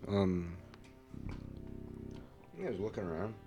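A man's voice: low-pitched, lively intonation, takes it slowly, dull audio, music in the background. A man co-hosting a podcast, bantering in a laid-back, unsure way with laughs. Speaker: podcast co-host. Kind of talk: casual chat.

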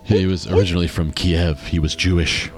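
A man's voice: sits low, flat delivery, a little fast, soft background music. A man hosting a comedy podcast, reading a mock-serious documentary script in a playful, absurd way. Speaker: podcast host. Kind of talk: comedic read-aloud narration.

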